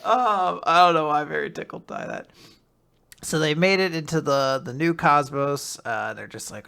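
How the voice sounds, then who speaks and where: Young man, bright tone, high voice, casual recap chat, acts out character lines. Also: gravelly, clear, resonant tone. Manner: animated retelling, acting out character lines in quick voices. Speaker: podcast co-host.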